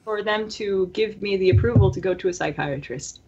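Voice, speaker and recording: A young woman in her early twenties with a hoarse, strained voice, co-hosting a podcast and telling a long, rambling story with lots of fillers. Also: medium pitch, fairly quick, muffled recording, a crowd in the background. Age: early 20s. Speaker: podcast co-host. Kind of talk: casual podcast chat.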